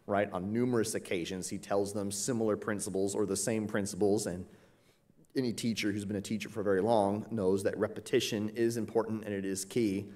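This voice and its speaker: Low-voiced man teaching a sermon. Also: steady tone, fairly quick, warm tone. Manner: conversational, frequent "uh" and "right?" tag questions. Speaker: pastor. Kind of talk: expository Bible teaching.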